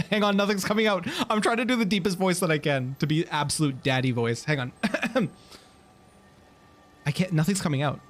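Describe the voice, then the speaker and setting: A man streaming a video game live, reacting excitably with gasps and laughter as he comments. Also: sits high, moderate pace. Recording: game music playing under the voice.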